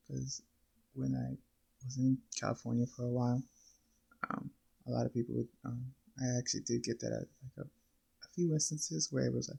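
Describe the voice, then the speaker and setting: A man hosting a reaction video, casually thinking aloud with many pauses and fillers. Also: mid-range voice, fairly even intonation, creaky, dark tone, husky, muffled recording.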